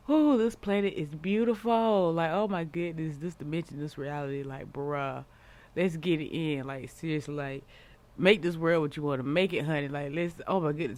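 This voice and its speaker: A woman's voice: low voice, a little mellow. A woman hosting a casual reaction vlog, talking to her viewers in a playful, giggly, slangy way. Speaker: vlog host.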